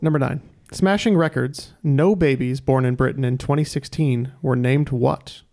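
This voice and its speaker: A man hosting a podcast quiz, reading trivia questions in a measured way with dry asides. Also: mid-range voice, creaky, darkish tone. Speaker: quiz host.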